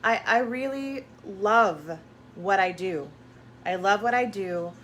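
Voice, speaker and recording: This spiritual energy coach talks slowly in a medium-pitched, slightly bright voice, with a little hiss or hum on the recording. Her casual promotional chat is effusive and affirming, full of uplifting self-help language and frequent repetition.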